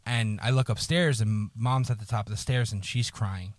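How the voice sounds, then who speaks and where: Halting low-voiced man telling a personal story. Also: fairly even intonation, no room sound. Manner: halting, repeats words, swears often. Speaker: podcast co-host.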